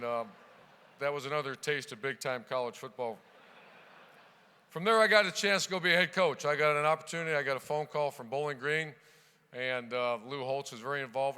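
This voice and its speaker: A middle-aged man from Ohio giving a keynote speech, telling punchy anecdotes from the podium with loud bursts when he starts a new chapter. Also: medium pitch, smooth. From Ohio, USA. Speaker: keynote speaker, football coach. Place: large banquet hall. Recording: long reverb of a large hall.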